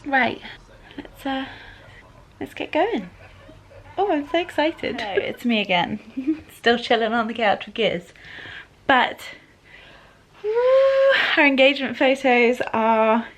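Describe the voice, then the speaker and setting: A British woman in her thirties talks to her camera from the couch at home, chatty and quick to giggle. Her voice sits high, and she takes her time, in an unhurried, easygoing delivery. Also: a bit bright. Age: 30s. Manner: chatty, giggly, often laughing. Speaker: vlogger. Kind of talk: casual vlog chat.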